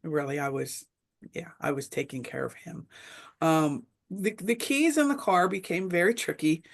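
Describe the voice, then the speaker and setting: A middle-aged woman shares her story in a casual webinar discussion. Her voice carries a gravelly, creaky edge. She talks in a reflective, meandering way, full of ums and restarts. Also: low-pitched, normal speed. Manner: reflective storytelling with many fillers. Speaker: webinar panelist.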